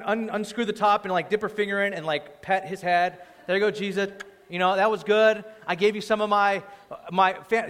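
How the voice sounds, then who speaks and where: In a long, reverberant hall, a high-pitched man preaches as the pastor. He is animated, performs quoted voices, and alternates between loud outbursts and hushed asides.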